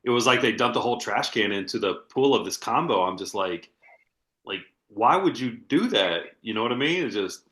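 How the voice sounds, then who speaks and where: Bright-voiced man in an echoey room. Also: fairly low pitch, a little fast. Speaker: marketing host. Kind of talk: casual business chat on a video call.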